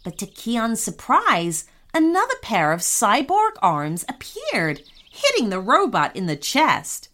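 A woman reading a children's story aloud in a slow, expressive way. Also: fairly high pitch.

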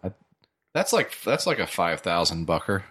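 Man, very deep voice, comedy podcast co-host, crude joking riffs, casual chat. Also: big pitch swings, normal speed, a bit bright, breathy edge.

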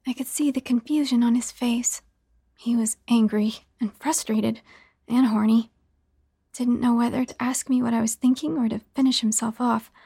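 A woman narrating a first-person horror story in a hushed, half-whispered delivery. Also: on the high side, breathy edge, no echo, clean studio sound.

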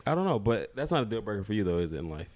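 A man's voice: fairly low pitch, big pitch swings, very fast, a little mellow. A young man co-hosting a podcast, chatting casually and teasing his partner playfully. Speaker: podcast co-host. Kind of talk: casual chat.

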